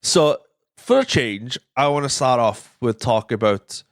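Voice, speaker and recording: Rambling young podcast host, dry mic. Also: male voice, medium pitch, animated, unhurried, dry recording. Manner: rambling, stumbles over words, swears casually. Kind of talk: casual podcast chat.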